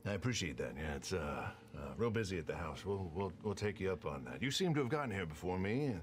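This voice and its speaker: A man's voice: low-pitched, very animated, fast, a little hiss or hum. A man playing a tabletop game in character, drawling and laid-back. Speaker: player. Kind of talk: in-character play.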